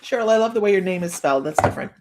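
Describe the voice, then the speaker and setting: A middle-aged woman with a hoarse voice, hosting a casual live-streamed psychic reading in a chatty, rambling way full of fillers and restarts. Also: on the low side, expressive, racing, noisy background. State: hoarse from a cold.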